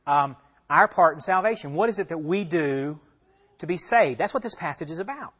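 A man's voice: fairly high pitch, lively intonation, moderate pace, fairly bright tone, slightly rough. A man teaching a Bible passage as a pastor, conversational, asking his listeners questions and repeating himself as he talks it through. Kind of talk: expository sermon.

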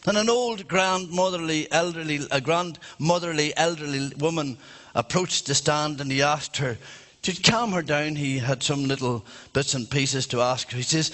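A man's voice: on the high side, moderate pace, fairly bright tone. A man preaching a sermon in a church, fervent and emphatic.

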